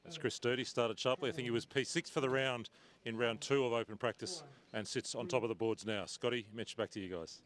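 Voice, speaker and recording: A man working as a pit reporter, asking brisk, friendly questions at trackside. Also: medium pitch, fairly bright tone. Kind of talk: trackside interviewing.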